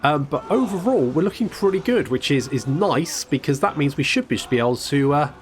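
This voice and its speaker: Fairly high-pitched and expressive, this man speaks rather quickly. He's a gameplay commentator doing relaxed let's-play commentary of a strategy game: dry humor, lots of chat, the odd swear word, and frequent restarts mid-sentence.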